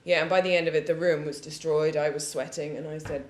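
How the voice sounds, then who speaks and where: A woman's voice: sits low, fairly even intonation, fast talker. A woman guest on a live panel telling candid, profane stories and often laughing. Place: studio panel discussion before an audience. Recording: roomy echo with faint background hiss.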